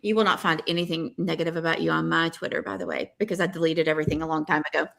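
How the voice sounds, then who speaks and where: A woman's voice: low voice, steady tone, very fast, gravelly, a bit bright. A woman co-hosting a podcast, chatting casually with a wry, sarcastic edge and easy laughs. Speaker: podcast co-host.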